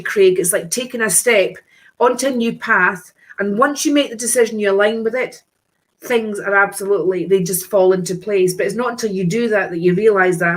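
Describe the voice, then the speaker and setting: A woman hosting a live stream, reading tarot cards for viewers in a chatty, breezy way with endearments and exclamations. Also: medium pitch.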